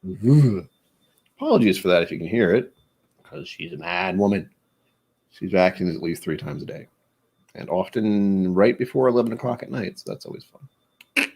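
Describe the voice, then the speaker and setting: A man's voice: low-pitched, lively intonation, normal speed, vocal fry, long pauses, darkish tone, slightly rough. A man hosting a casual whiskey tasting vlog, chatty and rambling, who stumbles over words when he reads aloud. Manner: rambling, chatty, self-deprecating. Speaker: whiskey channel host.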